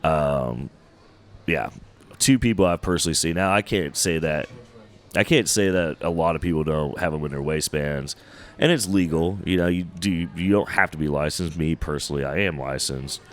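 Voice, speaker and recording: A man's voice: rumbling low, moderate pace. A man from Texas, chatting as a podcast guest, telling laid-back stories and laughing often. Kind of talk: casual podcast chat.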